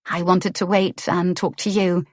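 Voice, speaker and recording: A woman narrator voicing an earnest young noblewoman, speaking in a higher, questioning tone. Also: level tone, measured pace, no echo.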